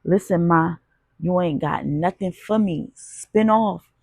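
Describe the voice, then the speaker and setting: A woman's voice: lowish voice, slow pace, vocal fry, a little mellow, breathy edge, no room sound, clean studio sound, full character voice. A woman voicing a hard, cursing male street dealer. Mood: dismissive. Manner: blunt street slang, cursing. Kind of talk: audiobook character voicing.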